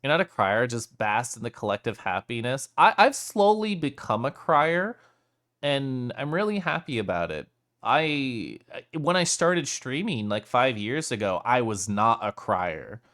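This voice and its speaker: Male streamer, smooth clear voice, teary and emotional, laughs a lot while chatting at his desk mic. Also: mid-range voice, sing-song, measured pace, a bit bright. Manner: emotional, laughs often between sentences. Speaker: streamer reading chat. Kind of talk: casual stream chat.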